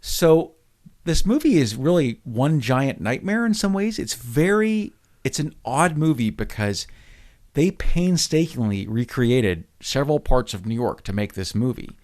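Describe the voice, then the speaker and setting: A man talking film on a podcast in an easy, conversational way. His voice sits at an ordinary middle pitch. He is articulate and often speeds up into quick bursts. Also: big pitch swings, a little mellow. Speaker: podcast co-host. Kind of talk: casual film discussion.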